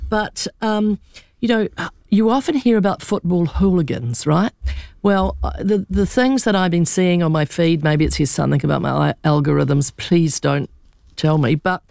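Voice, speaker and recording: A woman's voice: on the low side, normal speed, creaky, darkish tone, no room sound, studio quality. A woman, a radio panelist chatting animatedly and laughing as she tells stories.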